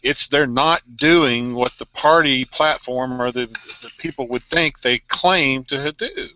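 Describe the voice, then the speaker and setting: Man explaining calmly, restarts sentences, very bright voice, dry, lo-fi call audio. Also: mid-range voice, a little slow, no echo. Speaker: guest in a group chat. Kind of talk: casual group video chat.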